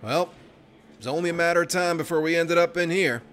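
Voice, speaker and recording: A man's voice: fairly high pitch, a little fast, a bit bright. A man giving let's play commentary, profane and joking, talking back to the characters on screen. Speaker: gaming commentator. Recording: music playing behind.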